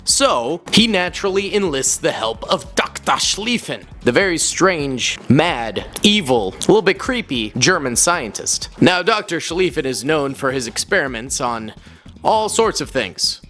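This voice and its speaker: A bright, animated man tells the story behind his toy-brick build, tossing in jokes and self-mocking asides. His voice sits fairly high and bounces up and down in pitch. He sounds like an upbeat YouTube narrator. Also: measured pace, soft background music. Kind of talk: energetic comedic narration.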